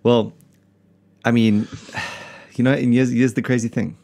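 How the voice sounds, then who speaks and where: A man's voice: medium pitch, level tone, unhurried, gravelly, warm tone. A man from South Africa hosting a casual podcast, rambling and self-mocking with lots of fillers and restarts. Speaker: podcast host, pastor.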